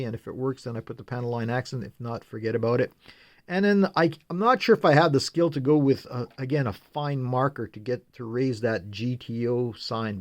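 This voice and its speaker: A man in the middle of his speaking range talks through his model kit build in a relaxed, conversational way. He explains each step without hurrying and fills his pauses with plenty of "uh"s. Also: medium pitch. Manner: unhurried, explains step by step, frequent "uh" fillers. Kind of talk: casual build walkthrough.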